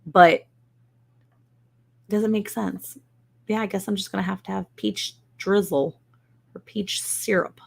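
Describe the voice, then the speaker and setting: A woman's voice: medium pitch, fairly even intonation, slow pace, creaky, pauses often, breathy edge. A woman hosting a casual live stream from home, chatting wryly and mocking herself as she answers viewers' comments. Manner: chatty, wry, self-mocking. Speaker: host of a live ranch stream. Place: indoors at home.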